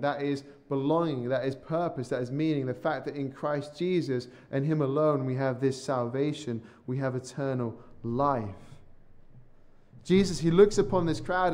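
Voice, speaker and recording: A male pastor preaching a sermon. He is earnest, repeats words as he starts some sentences, and slows down and drops his voice on key phrases. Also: a little high, a little mellow. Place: church or studio, podcast recording.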